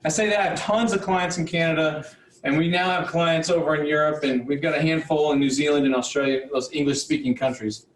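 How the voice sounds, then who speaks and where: A man's voice: on the high side, steady tone, brisk, roomy sound, recorded from a distance, a little hiss or hum, rough recording. A man coaching auto repair shop owners on a live online call. He talks in a fiery, blunt, motivational way with some mild swearing.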